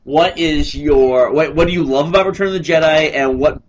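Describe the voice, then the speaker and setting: A man with a slightly raised pitch hosts a loose group conversation. He steers the talk with questions and drops in short agreements between the others' points. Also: a little hiss or hum, poor audio. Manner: leads questions, quick agreeing interjections. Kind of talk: casual group chat.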